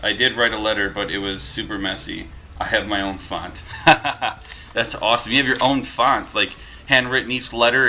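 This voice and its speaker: Sharp in tone and lowish in pitch, a Western New York man in his thirties casually vlogs from home. He reads viewer mail with asides while the dogs wrestle in the background.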